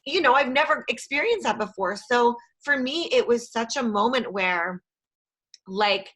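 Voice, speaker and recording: A woman's voice: on the high side, expressive, measured pace, a bit bright. Chatty woman podcast host. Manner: casual, chatty, many fillers. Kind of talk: podcast interview.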